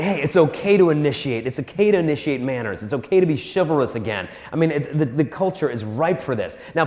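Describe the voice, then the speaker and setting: Male speaker, lively and jokey, fairly high voice; live talk recorded with a long hall reverb. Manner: animated and joking, acts out quoted people. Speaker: Catholic speaker on dating and marriage. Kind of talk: live motivational talk to an audience.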